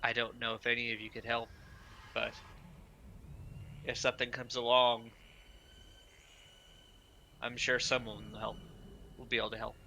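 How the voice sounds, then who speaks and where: A man speaking in character at a tabletop game, with a bright, forceful tone. He halts and restarts often, filling gaps with "uh," over a monotone delivery. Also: mid-range voice, vocal fry, a little hiss or hum, low-quality recording. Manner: hesitant, halting, many fillers. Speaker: player. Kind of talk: in-character tabletop role-play.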